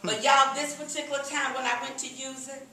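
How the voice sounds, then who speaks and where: A middle-aged woman giving a lively, laughing, folksy testimonial to a live audience at a business meeting. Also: high-pitched, brisk, slight background noise. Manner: lively, laughing, folksy, addresses crowd as "y'all". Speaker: sales presenter at a business meeting. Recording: echoey room, recorded from a distance.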